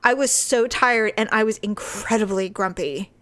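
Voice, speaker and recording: A woman chatting casually, telling a self-deprecating story and acting out the quotes in a higher voice. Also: normal speed, fairly bright tone.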